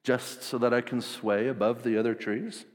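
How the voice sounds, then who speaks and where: A man's voice: mid-range voice, steady tone, moderate pace, natural voice. A man giving the lines of a grapevine that declines to be king, mildly emphatic. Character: male grapevine refusing the crown. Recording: long hall reverb.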